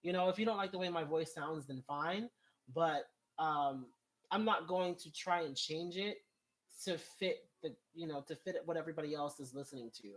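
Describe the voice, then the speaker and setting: At a moderate pace and on the high side, a man rambles through viewer comments in a casual vlog, sounding exasperated. Frequent laughter breaks in, and his voice lifts when he gets riled up.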